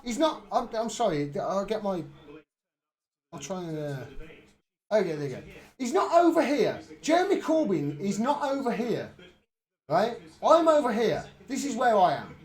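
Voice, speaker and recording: Man commentator, heated and sweary live rant, very expressive intonation. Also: high-pitched, normal speed. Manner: angry, profane, emphatic ranting. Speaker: political livestream commentator.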